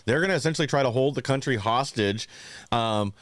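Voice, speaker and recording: A man's voice: mid-range voice, fairly quick, a bit bright, dry recording. A man co-hosting a political podcast, speaking earnestly with many hesitations. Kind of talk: casual political talk.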